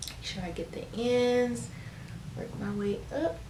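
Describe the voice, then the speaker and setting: A woman's voice: fairly high pitch, measured pace, echoey room, noisy background. A woman vlogger chatting casually and encouragingly to her viewers as she shows a hair routine. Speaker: beauty vlogger. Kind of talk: casual how-to chat.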